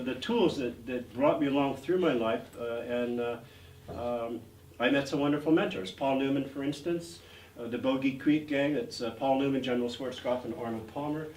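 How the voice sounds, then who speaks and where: A man in his sixties recounts his career as a guest in an interview, rambling with frequent fillers. He is recorded from a distance in a reverberant gallery with faint background noise. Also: medium pitch. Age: 60s. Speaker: actor guest. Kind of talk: anecdotal interview storytelling. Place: art gallery event.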